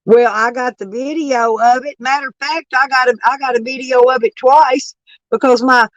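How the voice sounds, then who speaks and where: A woman's voice: high voice, steady tone, moderate pace, no echo, highs cut off. Woman, livestream rant, brash and profane, allergy-worn voice, dry sound. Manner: brash, profane, argues with chat. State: voice lowered and rough from allergies. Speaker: livestream host reading chat.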